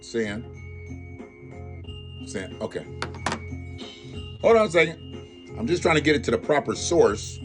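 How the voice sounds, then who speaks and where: A man's voice: medium pitch, animated, measured pace, pauses often, over music. A man hosting a live-stream commentary show, ranting bluntly and profanely and talking straight to his viewers. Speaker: livestream host.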